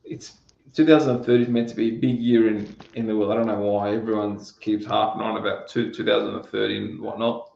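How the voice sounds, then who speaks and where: A man's voice: on the low side, flat delivery, brisk, vocal fry. A man hosting an interview, asking questions in an easygoing, casual way. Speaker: podcast host. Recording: roomy, muffled lo-fi sound.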